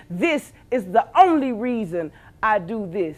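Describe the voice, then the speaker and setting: Woman, thirties, Memphis Southern accent; spoken-word poet, intense delivery, hushed lows and shouted highs. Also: moderate pace. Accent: Memphis Southern American. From Memphis, Tennessee. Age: 30s. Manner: intense, swinging from hushed low lines to shouted peaks. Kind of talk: spoken-word poetry performance.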